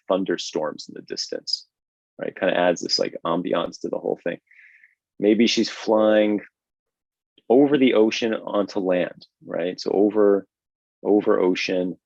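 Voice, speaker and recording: A man with a lowish voice teaches drawing on a live stream, talking in an energetic, conversational way. He keeps asking "right?" as he builds his ideas out loud. The sound is dull and lo-fi, with a dry, close feel and no room echo. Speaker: drawing instructor and host. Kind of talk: live online drawing lesson.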